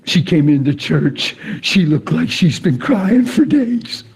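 Preacher, male, husky and a bit high-pitched, dramatic sermon storyteller who swings from hushed whispers to loud peaks. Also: takes it slowly. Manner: dramatic storytelling, dropping to whispers and rising to excited outbursts.

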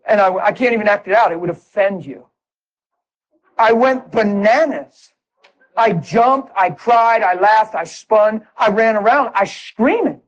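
A man preaching his own conversion testimony in a sermon, moving from hushed, earnest talk to excited shouts. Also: sits high, normal speed, rough recording.

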